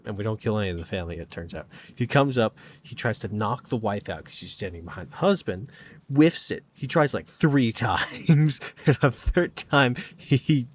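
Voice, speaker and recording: A man's voice: lowish voice, expressive, normal speed, slight background noise. A man casually recounting a tabletop game session, rambling and filling with "kinda" and "like". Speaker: gaming channel host.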